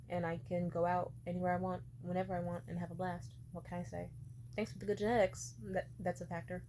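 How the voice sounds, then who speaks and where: Woman, 20s, low-pitched vlogger, loose rambling storyteller, swears freely. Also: mellow, slight background noise. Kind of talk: casual storytelling vlog.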